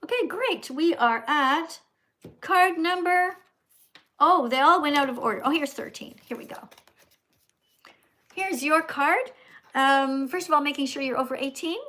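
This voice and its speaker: A woman's voice: sits high, a little slow, long pauses, bright, forceful tone. A middle-aged American woman hosting a livestream in casual chat, emphatic and scolding, repeating herself. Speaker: livestream host.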